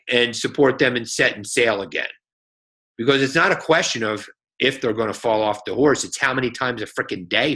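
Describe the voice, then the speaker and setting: A man coaching a team over a phone call in a fired-up sales pep talk. His voice is forceful and sharp-edged, and he talks in a folksy, energetic way, dropping a quick "okay?" after his points. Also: medium pitch. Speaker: guest speaker on a team call.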